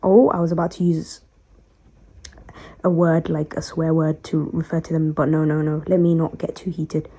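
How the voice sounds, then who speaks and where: A tired woman venting to the camera about her workplace, frustrated and pausing to collect herself. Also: sits low, flat delivery, mellow, slightly rough. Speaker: storytime vlogger. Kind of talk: emotional personal vent.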